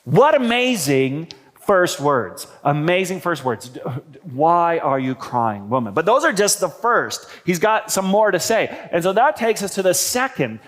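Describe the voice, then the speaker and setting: A male pastor delivers a sermon in a church. His high voice swings widely in pitch, and his talk stays conversational, with wry humorous asides. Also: sing-song, unhurried, a bit bright.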